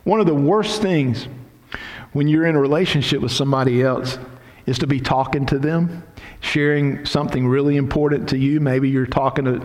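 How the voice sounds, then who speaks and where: A man's voice: mid-range voice, steady tone, normal speed, a little mellow. A middle-aged man pastor giving a sermon, acting out quoted prayers with dramatic emphasis. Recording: long hall reverb.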